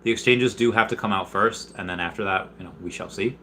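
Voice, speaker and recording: A man's voice: lowish voice, quick pace, background noise. A young man hosting a casual livestream, rambling in an upbeat way as he reads viewer comments aloud. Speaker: livestream host reading chat.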